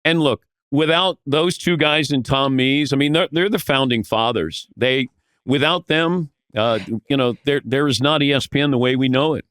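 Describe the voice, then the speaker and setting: A man telling animated anecdotes as a podcast guest, acting out the voices of the people in his stories. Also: mid-range voice, normal speed, clear, resonant tone, no room sound, clean studio sound. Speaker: podcast guest, veteran sportscaster. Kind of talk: casual storytelling.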